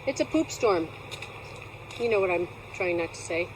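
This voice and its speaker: An animated woman from Alaska with a lowish voice talks at normal speed while working at her hives in a bee yard, giving a casual outdoor how-to vlog. She's chatty and playful, teasing herself as she goes, and the rough recording picks up outdoor noise and passing vehicles.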